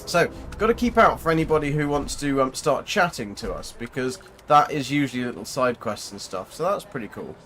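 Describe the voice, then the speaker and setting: A man's voice: medium pitch, lively intonation, fairly quick, few pauses, a bit bright, faint music behind. A British man casually commentating his game livestream, chatty and playful. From Britain. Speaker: gaming streamer.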